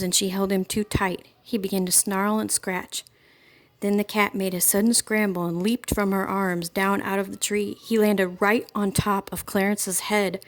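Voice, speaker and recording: Woman, storyteller, reading a children's book aloud, calm, expressive. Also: medium pitch.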